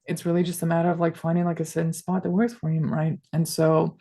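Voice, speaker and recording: A woman's voice: sits low, flat delivery, fast, warm tone. A woman guest on a podcast, chatting casually and rambling with constant "like" fillers in a playful way. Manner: playful, switches between voices. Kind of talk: casual interview chat.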